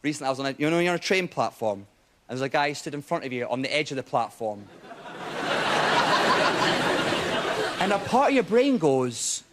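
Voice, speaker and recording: A young Scottish man doing a stand-up comedy set, telling stories with animated energy and dropping into low mock voices for asides. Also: normal speed, pauses often, heavy background noise. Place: TV studio stage before a live audience. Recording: loud audience laughter and applause.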